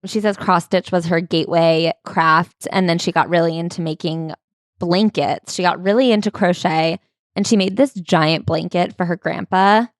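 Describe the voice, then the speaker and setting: A woman co-hosting a casual book club podcast, briskly and wryly summarizing a memoir. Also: on the low side, steady tone, no echo, clean studio sound. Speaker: podcast co-host.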